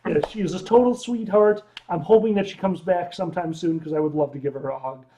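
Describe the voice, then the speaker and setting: A tipsy man co-hosting a drinking livestream, loud and excitable and swearing freely. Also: high-pitched, fast talker, background noise. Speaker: livestream co-host. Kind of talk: casual drinking livestream chat.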